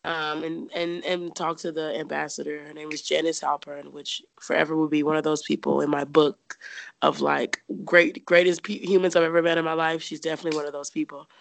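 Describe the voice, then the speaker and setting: A woman's voice: deep voice, little pitch movement, fairly quick, gravelly, no room sound. A young woman from the United States casually telling a personal story as an interview guest, chatty, with many fillers and frequent laughs.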